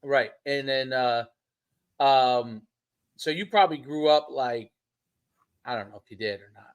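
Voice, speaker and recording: A man co-hosting a casual sports podcast, rambling and animated with frequent restarts. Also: medium pitch, unhurried, smooth, lo-fi sound. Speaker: podcast co-host.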